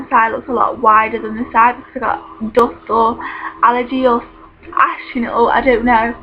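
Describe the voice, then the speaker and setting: Chatty woman vlogging. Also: on the high side. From United Kingdom. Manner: chatty, rambling, self-correcting. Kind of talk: casual chat to camera. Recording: dull lo-fi recording with faint noise.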